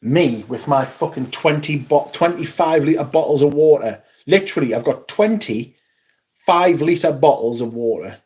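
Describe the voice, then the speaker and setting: A man's voice: fairly high pitch, lively intonation, moderate pace, darkish tone. A middle-aged man, hosting a casual livestream and telling rambling, sweary stories while reading out chat. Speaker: livestream host.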